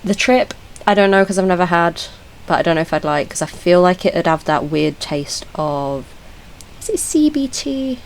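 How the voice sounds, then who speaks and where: In this low-quality recording with a little hiss or hum, a woman with a fairly low, animated voice speaks at a normal speed. She's a British YouTuber doing casual reaction commentary, blunt and talkative, frequently giggling and fixing her own words partway through.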